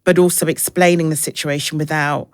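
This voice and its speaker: A woman, a podcast guest, talking candidly and reflectively, sometimes acting out others in a bright high voice. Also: fairly even intonation, fairly quick, no echo, clean studio sound. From England. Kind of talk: candid conversational interview.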